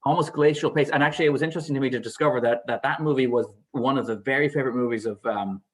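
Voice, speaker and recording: A man's voice: mid-range voice, racing. Irish Canadian man in casual chat. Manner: rambling, with many restarts and playful joking. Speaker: guest co-host. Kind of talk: casual chat about films.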